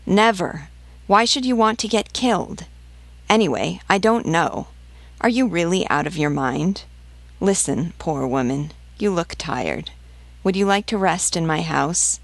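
A woman's voice: low voice, expressive, measured pace, creaky, dry recording, heavily acted. A woman reading the part of a worried peasant woman who scolds and warns with raised, exclaiming lines. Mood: alarmed.

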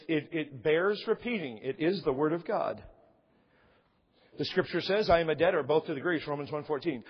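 A man preaching a sermon as pastor, impassioned and rising in emphasis, with a voice that is wearing out and husky. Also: fairly high pitch, in a large hall, highs cut off. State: losing his voice. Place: church sanctuary.

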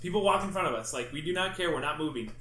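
A man's voice: a little high, racing, echoey room. A young man telling a story in casual chat as a podcast co-host, acting out the quotes with animation. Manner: animated, acts out quotes loudly.

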